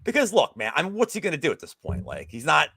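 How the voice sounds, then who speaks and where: A man co-hosting a betting podcast in casual chat, an animated, jokey storyteller who swears freely. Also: fairly high pitch, fast, husky, dry recording.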